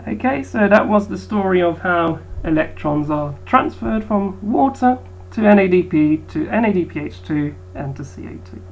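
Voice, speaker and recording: A woman's voice: fairly low pitch, expressive, normal speed, creaky, rough recording. A woman biology teacher giving a recorded lecture, hesitant with frequent ums.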